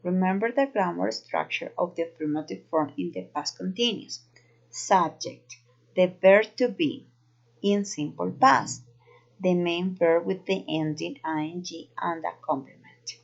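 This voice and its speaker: A woman with a Colombian Spanish accent, a native Spanish speaker, teaching an English grammar lesson slowly and carefully. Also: lowish voice, creaky. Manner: slow, careful explaining. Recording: dull lo-fi recording.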